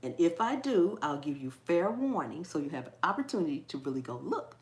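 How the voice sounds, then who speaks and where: A woman's voice: low voice, big pitch swings, brisk, reverberant. A woman hosting a casual live chat with her viewers, laughing often at herself and tripping over a word she repeats. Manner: trips over words and repeats them. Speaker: cooking channel host.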